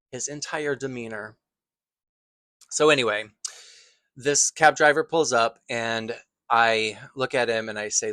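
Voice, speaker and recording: A man who teaches acting tells a personal story in an earnest, thoughtful way, pausing and restarting phrases as he goes. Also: mid-range voice, steady tone, sharp tone, dry recording.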